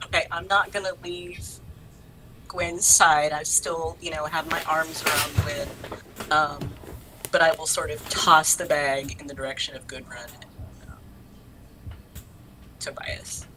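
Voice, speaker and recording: A woman playing a tabletop game, calmly describing what her character does. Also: low-pitched, a crowd in the background, poor audio. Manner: slow, thoughtful, describes her actions. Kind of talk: casual tabletop game chat.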